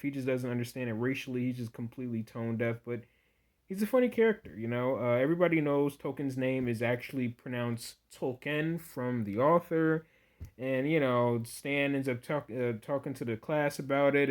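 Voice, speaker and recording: A man giving a casual, rambling spoken review of a TV episode, full of "you know" fillers and restarts. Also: medium pitch.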